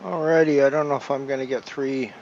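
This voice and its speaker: A man's voice: medium pitch, fairly even intonation, brisk, a little mellow, dull audio. A man casually commenting as he plays a racing game, muttering laid-back asides. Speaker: streamer. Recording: car engine noise behind. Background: racing game engine sounds.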